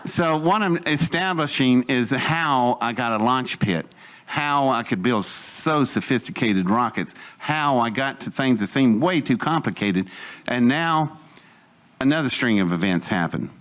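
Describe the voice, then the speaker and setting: A man's voice: medium pitch, lively intonation, unhurried, fairly bright tone. Older male storyteller, live audience, rambling and digressive, chuckles through his asides. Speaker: speaker telling a life story.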